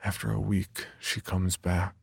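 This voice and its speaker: A man narrating a first-person horror story in a subdued, brooding way, with a husky, gravelly voice. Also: low voice, flat delivery, measured pace, dry recording.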